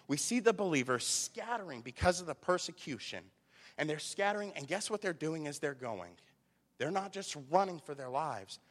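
Man preaching in an echoing hall. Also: a little high. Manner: conversational, asks rhetorical questions. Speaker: pastor. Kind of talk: sermon with personal stories. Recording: long hall reverb.

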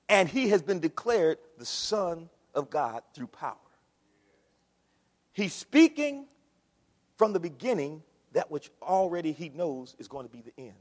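A man preaching a sermon in a church, swinging from loud shouts to low murmurs. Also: sing-song, measured pace. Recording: long reverb of a large hall.

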